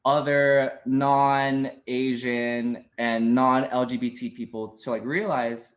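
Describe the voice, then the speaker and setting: A man in his twenties talks as a podcast guest, telling stories with animated energy and ready laughter. His pitch sits in an ordinary middle range. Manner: animated storyteller, quick to laugh. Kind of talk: casual interview chat.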